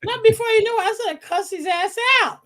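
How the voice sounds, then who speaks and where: A woman reading out her own emails on a podcast in a profane, animated way, laughing often. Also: very high voice, a little fast.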